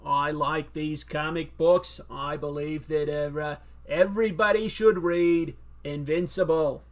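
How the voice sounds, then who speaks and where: A man doing a halting old-time president. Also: on the high side, fairly even intonation, natural voice. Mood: declaiming. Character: 1960s male American president making a speech.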